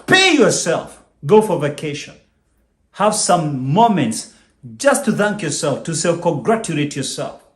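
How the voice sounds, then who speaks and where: Guy giving an emphatic preachy pep talk, kinda high voice, echoey room. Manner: emphatic, preachy, repeats key points. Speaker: business channel host. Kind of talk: motivational talk to camera.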